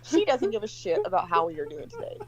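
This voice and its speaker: A woman's voice: lowish voice, wildly swooping pitch, fairly quick, highs cut off. A woman guest on a casual livestream chat, telling blunt, profane stories and mimicking the people she quotes.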